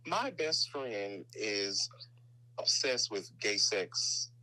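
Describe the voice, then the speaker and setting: A man from Nashville with a Southern accent, calling in and telling an animated story. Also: fairly low pitch, extremely slow, low-quality recording. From Nashville, Tennessee. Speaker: caller. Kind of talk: phone-in question to a podcast.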